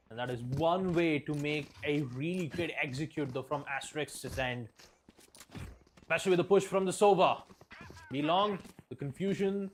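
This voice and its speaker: A man's voice: fairly high pitch, slight background noise. A man giving esports color commentary, analytical and prone to fillers. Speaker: esports caster.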